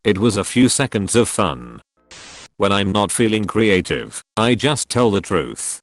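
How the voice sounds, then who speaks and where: A man giving a scripted narration of online posts, read in a brisk, matter-of-fact way. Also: lowish voice, very animated, dry recording, studio quality. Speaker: story narrator.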